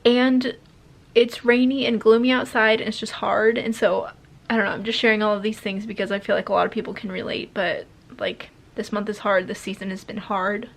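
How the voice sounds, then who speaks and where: A young woman speaking straight to her camera in a candid update, her sentences wandering and restarting with filler words. She sounds emotional, near tears at times, at an ordinary mid pitch for a woman. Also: flat delivery, a little fast, creaky. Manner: rambling, lots of "like" and restarts. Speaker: vlogger.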